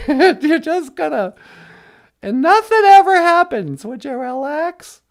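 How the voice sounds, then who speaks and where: A man voicing a cheery, brisk female talk-show host on a puppet comedy podcast. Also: very high voice, sing-song, gravelly, exaggerated voice. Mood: chirpy. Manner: cheery and brisk, gives advice.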